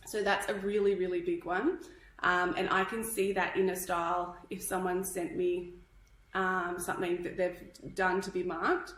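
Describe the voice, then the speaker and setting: An Australian hairdressing educator teaches hairstyling in a live tutorial, chatty and instructive, a little out of breath, and checking in with "okay?". Her voice is on the low side, recorded roughly in an echoey room.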